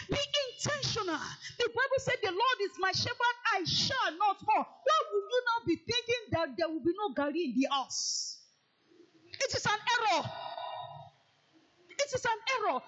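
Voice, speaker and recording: A woman's voice: very high-pitched, a bit bright. A woman preaching a fiery sermon and leading prayer, repeating phrases in rhythmic, emphatic declarations. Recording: dull lo-fi sermon recording.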